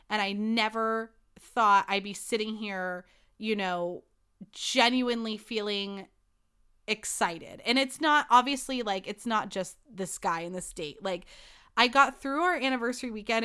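With a medium-pitched voice that is bright, forceful, clear and resonant, a young woman talks alone on the podcast she hosts. The chat is rambling and flustered, with plenty of "like."

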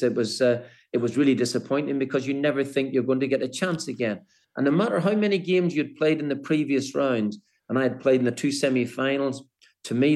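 Older man telling stories, halting. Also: mid-range voice, a little mellow. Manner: halting, repeats words, many restarts. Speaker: former footballer, guest. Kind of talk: interview, storytelling.

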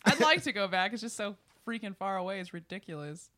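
A woman, telling a road story in casual podcast chat, animated and laughing as she acts out the people in it. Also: mid-range voice, fast. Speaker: podcast guest, musician.

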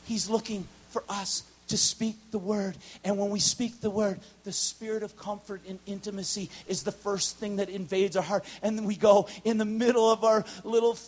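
A man preaching a charismatic sermon, telling stories with humor and swinging from loud shouts to hushed whispers. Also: sits high. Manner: storytelling, animated and humorous. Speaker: guest preacher.

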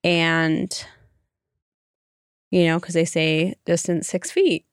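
A woman's voice: on the low side, level tone, takes it slowly, smooth, no echo, studio quality. A woman chatting casually as a podcast co-host, speaking hesitantly and restarting her sentences. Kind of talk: casual chat.

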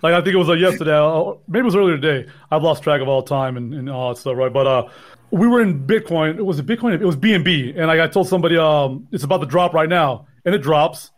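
Running on little sleep, a podcast co-host chats casually, rambling, poking fun at himself and laughing often. His voice is fairly high, animated and quick.

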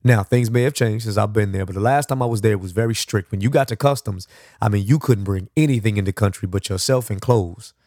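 A man's voice: fairly low pitch, quick pace, a little mellow, no echo, studio quality. A man hosting a podcast, giving a reflective motivational monologue in a conversational, rambling way with frequent restarts. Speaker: podcast host.

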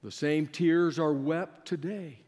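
A male preacher giving a sermon, swinging between loud rising questions and hushed, near-whispered lines. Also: a little high, fairly even intonation, slow, big-room sound.

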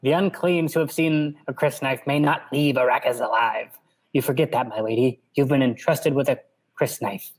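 A man's voice: medium pitch, steady tone, moderate pace, natural voice, rough recording. A man voicing a fierce, superstitious older female servant while reading a novel aloud in casual chat, in an intense, ominous manner.

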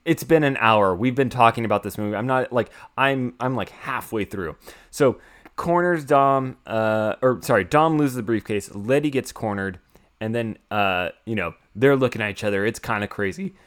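A young man co-hosting a podcast, casually recapping a film in a rambling, excitable way and swearing freely. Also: medium pitch, normal speed. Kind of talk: casual chat.

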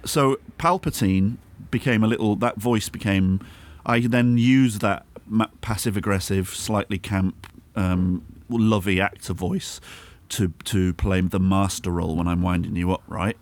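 A man's voice: low-pitched, fairly even intonation, measured pace, few pauses. A man hosting a casual comedy podcast, teasing his guest in a mock-bullying way.

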